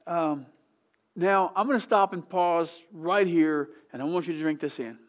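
A male pastor preaching a sermon in church, animated and often questioning the congregation directly. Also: fairly high pitch, unhurried, dull audio. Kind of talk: sermon teaching.

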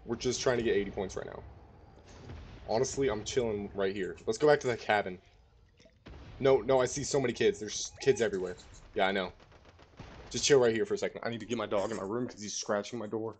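A young man giving casual live commentary to a teammate while playing a battle royale game, rambling one moment and shouting callouts the next. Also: lowish voice, brisk, long pauses, a little hiss or hum. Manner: casual, rambling, bursts into excited shouting in fights. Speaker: gamer streamer.

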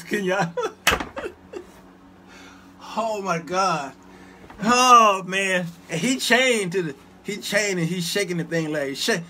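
A man hosts his own show, spinning comic stories for the viewers in the chat. His voice sits high and swoops with lively pitch, and he breaks into laughter and asides often. A faint hiss runs under the talk. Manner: animated, laughs often, talks back to viewers. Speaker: show host. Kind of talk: comedic storytelling to a live chat.

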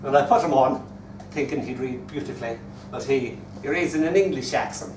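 A man in his sixties with an Irish accent, a poet reading his work and telling stories at a live reading in a hotel, animated and often chuckling as he recites verse. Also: medium pitch, fairly quick. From Ireland. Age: 60s. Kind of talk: live poetry reading with storytelling. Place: hotel room at a poetry festival. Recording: echoey room, distant mic, noisy.

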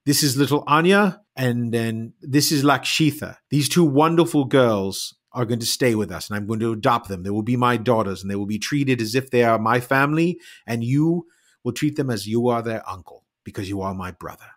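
A man's voice: medium pitch, normal speed, fairly bright tone, lightly acted. A man doing a hearty estate owner. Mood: affectionate.

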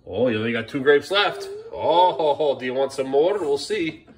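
Sleepy, playful dad with a lively voice. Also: male voice, mid-range voice, moderate pace. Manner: playful, teasing, coaxing his kids. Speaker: father and vlogger. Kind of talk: casual family vlog. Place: home kitchen, then outdoors by the street.

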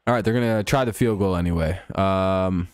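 A man's voice: deep voice, fairly quick, smooth. A man hosting a live stream, giving casual, rambling reaction commentary on a football game and swearing often. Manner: laid-back, rambling, swears a lot.

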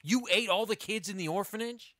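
A man's voice: sits high, fairly quick, pushed and bright, no room sound, studio quality, voice pushed up. A man voicing a fussy park ranger who keeps pressing startled questions. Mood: alarmed. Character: flustered male park ranger, alarmed and fussy.

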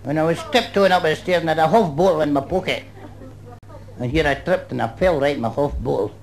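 A man's voice: fairly high pitch, quick pace, poor audio. A Scottish man doing live stand-up comedy, telling rambling anecdotes with "you know" thrown in. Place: nightclub stage before a live audience. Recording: old live club recording, loud crowd and noise. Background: audience laughter.

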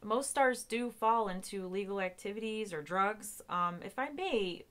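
An actress playing a deadpan entertainment reporter who narrates and interviews in a mockumentary. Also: female voice, mid-range voice, normal speed, lightly acted. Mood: dry. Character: female entertainment reporter, dry and exasperated. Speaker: documentary interviewer.

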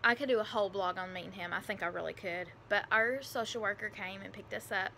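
A woman's voice: mid-range voice, fast talker, vocal fry, pushed and bright, a little hiss or hum. A woman vlogger telling a personal story in a casual, emotional, rambling way with lots of fillers and restarts.

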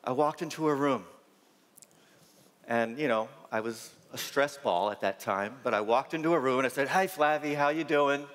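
A man's voice: mid-range voice, normal speed, a bit bright. A man, a doctor, telling a story in a keynote talk with punchy, dramatic repeated lines. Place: large conference hall. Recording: long reverb in a big hall.

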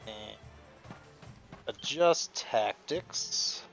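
A man's voice: on the low side, expressive, drawn-out words, vocal fry, soft background music, poor audio. A man casually commenting as he plays a video game, thinking aloud and reading the on-screen text. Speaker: gameplay host. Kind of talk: casual let's-play commentary.

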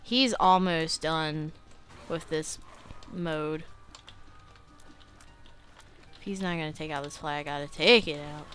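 A young adult woman hosting a casual let's-play, chatty and self-critical, clearing her throat often and breaking into excited outbursts. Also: deep voice, a little slow, a little hiss or hum. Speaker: gaming channel host.

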